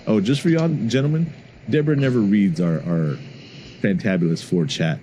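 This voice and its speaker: A man's voice: fairly low pitch, heavy background noise. A congested man co-hosting a casual podcast, joking and stretching out his phrases. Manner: loose, joking, drawn-out phrasing. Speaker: podcast co-host. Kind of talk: casual chat.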